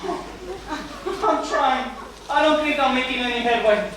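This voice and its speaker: An actor on stage playing an exasperated bank official who blusters and bursts into shouts. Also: male voice, very high voice, expressive, slow, full character voice. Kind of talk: live stage comedy acting. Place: small theater stage. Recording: echoey theater from far off, noisy.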